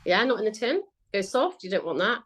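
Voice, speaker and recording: A woman talking through her research as a guest, chatty and full of ums and quick self-corrections. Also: mid-range voice, big pitch swings, a bit bright. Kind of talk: conversational interview.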